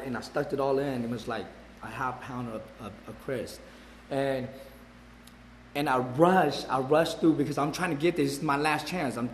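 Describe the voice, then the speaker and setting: A man's voice: medium pitch, a little hiss or hum. Brief: man in his forties, rambling personal testimony, stumbles and repeats, echoey hall with a long tail. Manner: rambling, repeats words, many fillers. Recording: echoey hall with long reverb, faint ambience.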